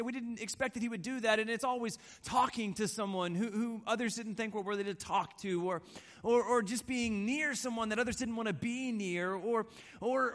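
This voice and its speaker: A man's voice: high voice, a bit bright. A man in his thirties preaching a conversational sermon, often repeating words and checking in with "right?". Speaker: pastor.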